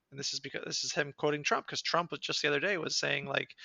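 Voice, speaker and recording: A man's voice: fairly high pitch, fast, gravelly, few pauses, no echo, highs cut off. A man co-hosting a casual political podcast, swearing often and talking animatedly. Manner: swearing, animated, quotes politicians in put-on voices. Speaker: podcast co-host.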